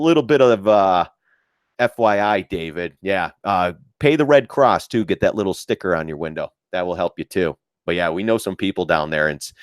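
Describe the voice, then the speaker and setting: A man's voice: lowish voice, no echo, clean studio sound. A middle-aged man hosting a casual trading live stream, rambling and joking, swearing casually and laughing often. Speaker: live-stream market host.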